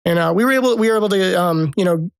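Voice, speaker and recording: A man's voice: sits high, racing, gravelly, smooth. A man guest on a podcast, animatedly telling stories full of military jargon and acting out other people's lines. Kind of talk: casual storytelling.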